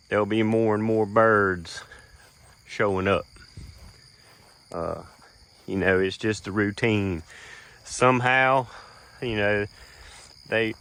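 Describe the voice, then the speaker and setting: A man's voice: lowish voice, sharp tone. A middle-aged man, narrating a casual walking vlog outdoors in a rural field, folksy and rambling, a little out of breath, recorded on a handheld camera. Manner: folksy, rambling, many fillers. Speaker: land manager filming his dove field. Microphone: handheld camera while walking.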